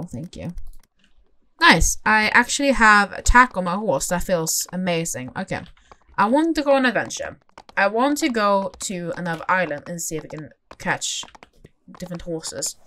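A young woman giving casual, excitable commentary as she plays a horse game, talking to herself and the horses with gasps and squeals. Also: medium pitch, slight background noise. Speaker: gaming channel host.

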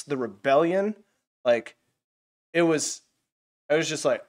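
Casual, animated man teaching a Bible lesson. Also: a little high, slow pace, pauses often. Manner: casual and animated, many fillers.

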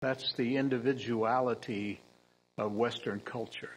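A man preaching a sermon in a church, earnest and emphatic, with dry humorous asides and frequent throat-clearing. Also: mid-range voice, fairly even intonation, a little slow, a little hiss or hum, poor audio.

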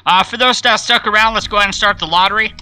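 A man's voice: sits high, fairly even intonation, fast talker, bright, forceful tone, smooth, soft background music, poor audio. A man hosting a live game stream, chatting playfully and greeting viewers by name as he plays.

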